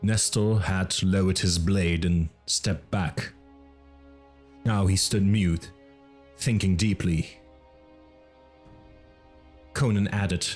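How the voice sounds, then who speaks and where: Man, deep voice, slow, measured dramatic audiobook narration, faint background music. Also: fairly even intonation, darkish tone. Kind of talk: scripted narration.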